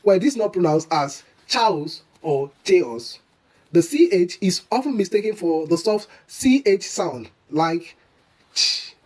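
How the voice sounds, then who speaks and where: An English pronunciation teacher giving a lesson, who quizzes the listener with questions and repeats each word slowly and deliberately. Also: medium pitch, lively intonation, darkish tone, low-quality recording.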